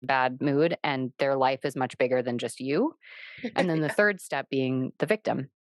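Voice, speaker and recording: A woman's voice: rumbling low, normal speed, no room sound. A woman in her thirties hosting a podcast conversation, reflective and explaining through personal stories over a video call. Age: 30s. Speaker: podcast host. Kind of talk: casual conversation.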